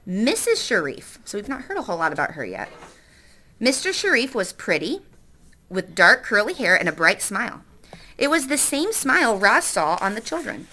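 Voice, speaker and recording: Teacher lady reading a story to the class, bouncy and expressive, bright tone. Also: medium pitch, brisk. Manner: expressive, stops to quiz the class. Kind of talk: reading a novel aloud to a class.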